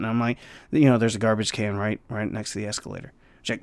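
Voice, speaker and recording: A man's voice: fairly low pitch, quick pace, no echo. Rambling male server telling a story. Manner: rambling, acts out the people in his story. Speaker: restaurant server. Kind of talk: casual storytelling vlog. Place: near Los Angeles.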